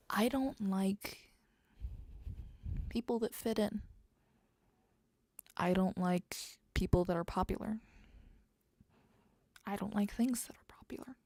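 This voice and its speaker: A woman's voice: medium pitch, gravelly, dark tone, dry recording. A young woman streaming as she writes, talking in a casual, rambling way and often half-whispering her thoughts. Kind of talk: casual livestream chat while writing.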